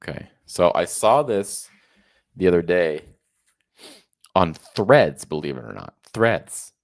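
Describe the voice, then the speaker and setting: A man's voice: low-pitched, lively intonation, moderate pace, creaky, darkish tone. A man in his thirties hosting a casual commentary, reacting to a video in a sarcastic, incredulous tone. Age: 30s. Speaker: host.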